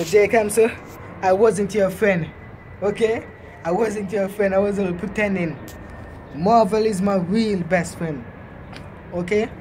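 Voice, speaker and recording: A man's voice: high voice, a little mellow, slight background noise. A man rapping a diss track on his vlog and then taunting his target in boastful, repetitive jabs.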